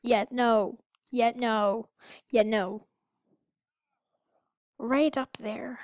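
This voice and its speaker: A higher-pitched woman narrates her own gameplay in a slow, drawn-out way. Her talk rambles and turns goofy, breaking into sudden squeaky outbursts. The sound is dry, with no room around it. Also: steady tone, no echo. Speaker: gamer. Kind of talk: let's-play commentary.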